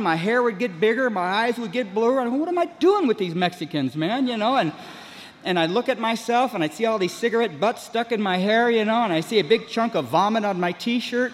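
An older man, telling a humorous recovery story in a rambling way, often saying "man, you know". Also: sits high. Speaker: speaker sharing recovery story. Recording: long hall reverb.

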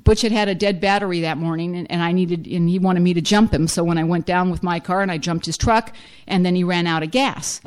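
A woman's voice: fairly low pitch, fairly even intonation, fairly quick, smooth. A middle-aged woman speaks to a recovery group about her own story. She is blunt and self-mocking. She talks in loose, run-on sentences full of "you know". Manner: blunt and humorous, fills speech with "you know". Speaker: speaker sharing at a recovery meeting. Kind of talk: personal recovery share to a group.

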